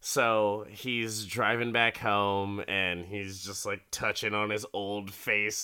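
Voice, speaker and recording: A man recapping a TV episode in loose, rambling casual chat, swearing and laughing as he goes. His voice is bright and forceful with a smooth, clear tone, set a little low in pitch. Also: steady tone, takes it slowly, few pauses.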